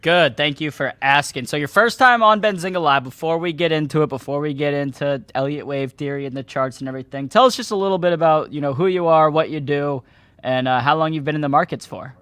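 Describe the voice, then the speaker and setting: A man's voice: a little high, fast talker, a bit bright, smooth, no room sound. Rambling male talk-show host, dry sound. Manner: rambling, restarts often. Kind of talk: live market talk show.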